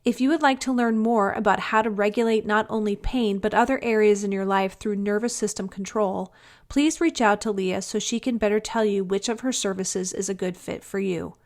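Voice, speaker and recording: A woman reading a scripted podcast episode introduction in an even, read-aloud manner. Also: medium pitch, moderate pace. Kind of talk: scripted narration.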